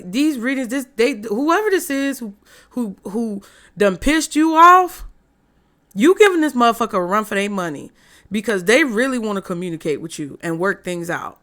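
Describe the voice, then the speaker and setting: At home with a window open, a woman gives a casual tarot reading, chatting, swearing freely and thinking aloud as she turns the cards. Her mid-range voice is a bit bright, and faint street and traffic noise drift in.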